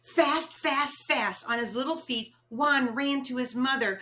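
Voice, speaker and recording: A woman reads a picture book aloud to children, slowly and very expressively. Her voice is bright and a little high, and she stops to ask her listeners questions. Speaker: storyteller reading to children.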